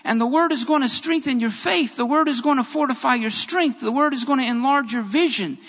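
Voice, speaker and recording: A man's voice: very high voice, brisk, a bit bright. A man preaching a sermon in a church, emphatic and repeating his key phrases. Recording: reverberant, dull lo-fi sound.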